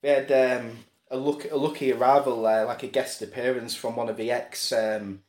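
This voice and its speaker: A man's voice: mid-range voice, normal speed, echoey room. A man, co-hosting a comedy podcast and telling silly made-up stories while laughing often. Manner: giggly, acts out a showman and excited kids in his stories. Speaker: podcast co-host. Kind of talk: comedic storytelling chat.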